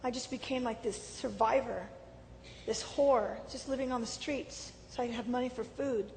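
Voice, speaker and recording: Middle-aged woman telling her story, emotional, bit of a high voice, faint rumbly background. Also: moderate pace, creaky. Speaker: speaker giving testimony. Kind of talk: personal testimony talk. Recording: hall reverb with faint rumble.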